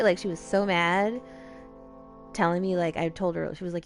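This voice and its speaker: A woman's voice: on the low side, a little slow, soft background music. A woman streamer chatting casually as she plays a video game, swearing freely and acting out what characters said. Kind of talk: casual gameplay commentary.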